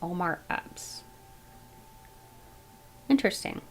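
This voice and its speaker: A woman giving a casual tarot reading, thinking aloud as she goes in a musing, unhurried way. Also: soft background music, poor audio. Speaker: tarot reader.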